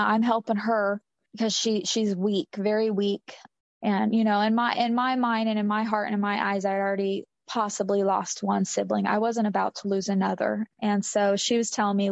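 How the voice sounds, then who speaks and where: In a dry, dull lo-fi recording, an interview guest with a mid-range, creaky voice tells a personal story. She is sincere, repeating certain phrases to stress them.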